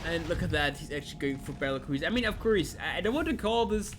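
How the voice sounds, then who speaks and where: A man casting a live strategy game match, animated and joking, acting out the players in little quoted voices. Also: on the high side, fast talker, background noise. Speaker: esports caster. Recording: music playing under the voice. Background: music.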